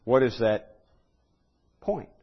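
A man at an ordinary pitch teaches a Bible lesson, pausing on fillers and restarts before pressing his point with emphatic repeated phrases. The recording sounds a little dull and lo-fi. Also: sing-song.

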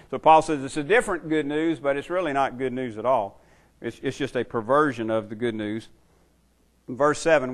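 A middle-aged or older man giving a sermon as a pastor, talking through a passage in a conversational way and reading the quoted verses with slow, strong emphasis. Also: medium pitch.

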